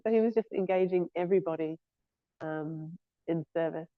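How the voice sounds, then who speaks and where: A woman's voice: fairly low pitch, fairly even intonation, normal speed. A woman giving an informal scripture class in a temple, speaking hesitantly with frequent "um" and "yeah" fillers. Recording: thin phone-like lo-fi audio.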